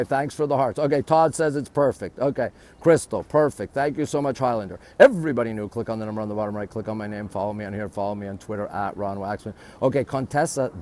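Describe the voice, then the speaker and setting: A man's voice: medium pitch, darkish tone. Chatty man giving a live walking tour. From Canada. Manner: chatty, greets viewers constantly between facts. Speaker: live-stream tour guide. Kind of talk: walking live-stream tour with viewer shout-outs. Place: outdoors at a historic castle. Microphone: phone held while walking.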